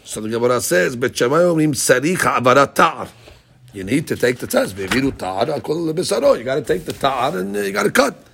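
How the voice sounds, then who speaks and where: A man's voice: mid-range voice, very animated, a little fast, vocal fry, a bit bright, slightly rough. A man teaching a daily Gemara class, asking rhetorical questions and mixing in Hebrew and Aramaic terms. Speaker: Talmud teacher.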